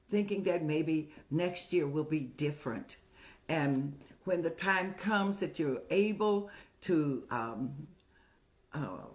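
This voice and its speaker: Older woman, folksy preacherly advice host. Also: fairly low pitch. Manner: folksy, preacherly, calls listeners "child"; lively storytelling with animated rises. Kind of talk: warm advice talk to viewers.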